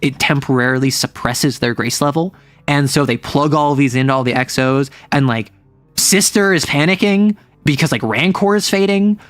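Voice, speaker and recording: A man's voice: mid-range voice, moderate pace, fairly bright tone, no echo. A man streaming as a game master, casually and animatedly retelling a tabletop game session in a rambling way.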